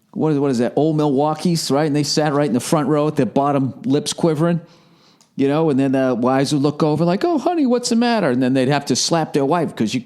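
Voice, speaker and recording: A man's voice: medium pitch, a little mellow. A middle-aged man hosting a podcast, rambling through a profane comedic monologue and slipping into mock voices. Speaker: podcast host.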